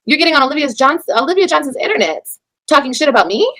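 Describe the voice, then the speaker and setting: A woman rants on a casual livestream, heated and profane, lecturing her viewers about her critics. Her pitch is fairly high and moves a lot. She swings between loud outbursts and low, slower asides. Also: lively intonation, low-quality recording. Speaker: livestreamer and mother.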